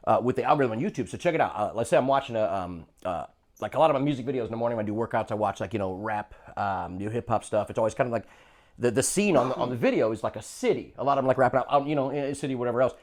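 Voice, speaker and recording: A man's voice: mid-range voice, rapid-fire. Male comedy podcast co-host; loose, rambling storyteller who jumps into quoted voices. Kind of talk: casual comedic chat.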